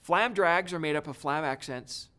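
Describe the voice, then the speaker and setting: A man's voice: on the high side, moderate pace, bright, forceful tone. A man teaching a drum lesson, explaining each step in an encouraging way. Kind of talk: video lesson.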